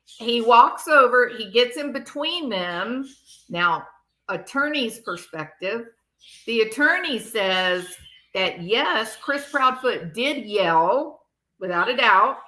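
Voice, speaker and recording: Slow-talking bright-voiced woman commentator. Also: medium pitch. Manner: animated, sarcastic, acts out quoted people. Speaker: true crime commentator. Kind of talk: casual commentary.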